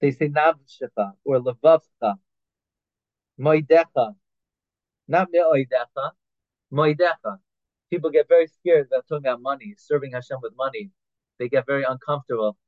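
Man as a Torah teacher, middle pitch, phone-like sound, dry. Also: fairly quick, dry recording. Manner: reads Hebrew phrases then explains them in English, with restarts and fillers. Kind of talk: halacha class, translating Hebrew text line by line. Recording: tinny phone-like line, dry.

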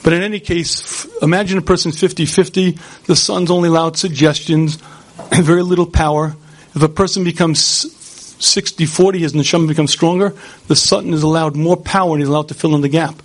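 A man giving a Torah lecture, animated and rhetorical, speaking straight to his audience. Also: a little high, fairly quick.

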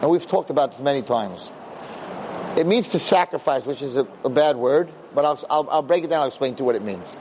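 A man giving a lively Torah lecture as a rabbi, acting out quotes in a storyteller's manner and building to excited peaks. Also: medium pitch, brisk, slight background noise, poor audio.

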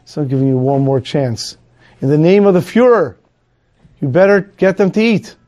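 A man's voice: fairly high pitch, animated, normal speed, dark tone, close to an everyday voice. A man putting on a harsh barking Nazi officer. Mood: threatening. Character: brutal male SS officer barking orders.

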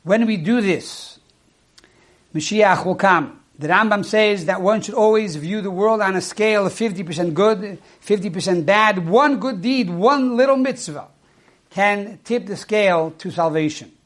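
Teaching at a measured pace, this rabbi poses rhetorical questions to his audience during a sermon. He speaks in a high register with a fairly bright tone.

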